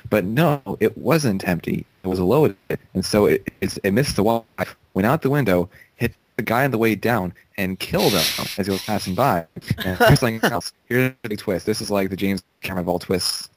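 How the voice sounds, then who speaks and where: Low-voiced young man rambling a story. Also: a little fast, dry recording, poor audio. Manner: rambling storyteller, stumbles and restarts. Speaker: podcast co-host. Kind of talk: casual chat.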